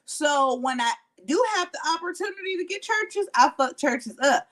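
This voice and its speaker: A woman's voice: sits high, expressive, normal speed, fairly bright tone. A woman guesting on a podcast, talking bluntly and playfully with plenty of swearing. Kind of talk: casual podcast chat.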